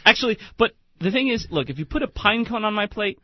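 A man's voice: high voice, lively intonation, fast, background noise. A man hosting a restaurant talk radio show, telling amused stories in easy banter. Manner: chatty, amused storyteller. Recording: dry, slightly muffled studio mic.

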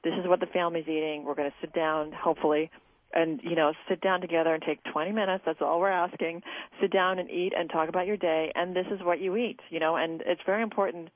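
Mujer animada al teléfono. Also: female voice, on the low side, fairly even intonation, quick pace, no echo. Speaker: cookbook author guest. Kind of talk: radio interview. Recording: tinny phone line.

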